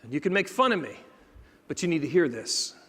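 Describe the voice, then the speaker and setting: A high-voiced man tells a motivational story on stage, swinging between hushed moments and loud bursts as he acts out each person in it. His voice rings through a big hall with a long trailing echo. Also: big pitch swings, fairly quick, slightly rough. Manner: dramatic shifts between hushed and loud, acting out dialogue. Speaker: motivational speaker.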